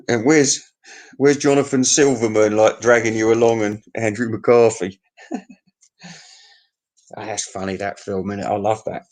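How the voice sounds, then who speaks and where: A man's voice: on the low side, fairly even intonation, unhurried, pauses often, darkish tone, poor audio. Rambling Englishman telling crude pub stories. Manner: crude, meandering storytelling, chuckling at his own tale. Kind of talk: rambling pub anecdote monologue.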